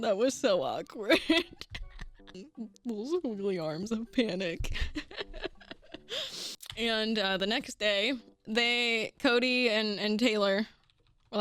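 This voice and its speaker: Animated young woman telling a story. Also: a little high, dry recording. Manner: animated, profane, laughs often, many restarts. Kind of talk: casual storytelling.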